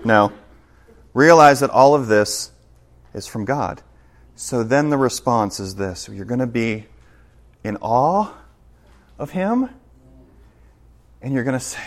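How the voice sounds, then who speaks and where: A man preaching a sermon in a church as pastor, emphatic, shifting between loud passages and hushed ones. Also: medium pitch, lively intonation, unhurried, long pauses.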